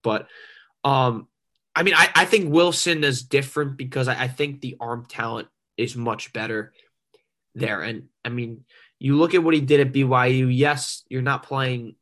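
A man's voice: medium pitch, fairly even intonation, moderate pace, pushed and bright. A young man co-hosting a sports podcast, talking with enthusiasm and frequent stammered restarts. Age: young adult. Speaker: podcast co-host. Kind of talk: casual sports podcast chat.

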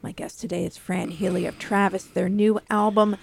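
A woman's voice: medium pitch, fairly even intonation, moderate pace, vocal fry, darkish tone, slight background noise. A woman hosting a radio interview session, chatty and thinking aloud as she frames her questions. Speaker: radio host.

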